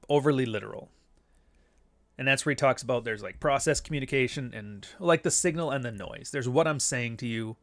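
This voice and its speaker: A man's voice: vocal fry, a bit bright. Blunt nasal Canadian man. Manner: blunt, crude and sardonic, with sudden high-pitched outbursts. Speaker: podcast host. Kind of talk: casual monologue.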